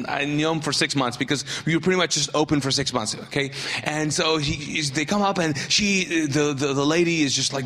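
Pastor guy preaching, bright forceful voice, kinda high, big echoey hall. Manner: animated storytelling with asides and acted quotes. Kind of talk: sermon.

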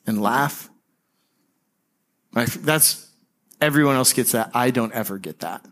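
Preaching with lively intonation at a medium pitch, a man in the role of pastor talks conversationally, slowing and softening on key phrases.

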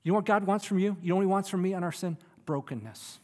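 A man preaching a sermon, swinging from loud emphatic lines to soft, near-whispered ones. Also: sits high, quick pace. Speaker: pastor. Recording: long hall reverb.

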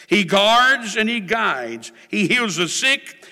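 A man preaching a sermon in a church, with a rhythmic, rising and falling cadence and drawn-out refrains. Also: high-pitched, big pitch swings, sharp tone. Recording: reverberant hall.

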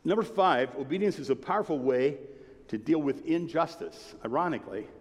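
A man preaching a sermon in a conversational, emphatic way, sometimes dropping to a hushed tone. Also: a little high, expressive, moderate pace. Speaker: pastor. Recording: long hall reverb.

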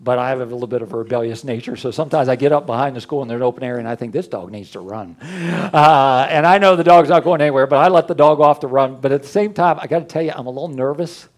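An older man preaching as a pastor, conversational and folksy, with asides and a lively rise and fall. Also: quick pace, few pauses. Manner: lively, often rising in pitch and loudness. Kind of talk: sermon.

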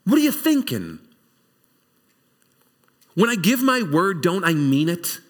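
A deity who sounds pressing and exasperated, throwing out one rhetorical question after another, as a preacher puts him on. The voice sits fairly high and swings widely in pitch, hammering each point home. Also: male voice, sing-song, takes it slowly, full character voice. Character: God, a male deity, insistent and exasperated.

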